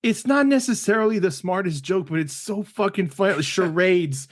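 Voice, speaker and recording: Halting man in podcast banter. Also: high voice, lively intonation. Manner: halting, many restarts, laughs. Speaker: podcast co-host. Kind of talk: casual podcast chat.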